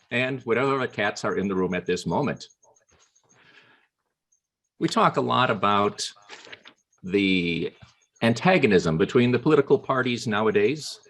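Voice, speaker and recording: A man giving a humorous prepared speech at a club meeting over a video call, telling anecdotes with playful pauses. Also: mid-range voice, slightly rough. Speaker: Toastmasters club speaker.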